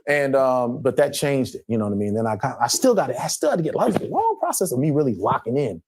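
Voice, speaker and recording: A middle-aged man from Los Angeles, a guest actor, telling animated stories on a panel show and slipping into other people's lines. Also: mid-range voice, fast, husky.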